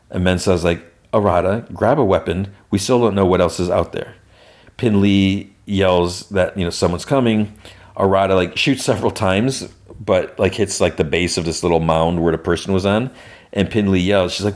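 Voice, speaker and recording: A man hosting a podcast, casually recapping a TV episode in a rambling way, with frequent restarts and quick quoted lines from the characters. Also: low voice, steady tone. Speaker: podcast host.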